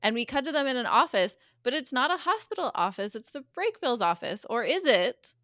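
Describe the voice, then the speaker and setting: With a slightly high voice and studio-quality sound free of room echo, this podcast guest co-host chats casually through a TV episode recap. She tells it with animation, flipping her voice quickly to perform each character's lines.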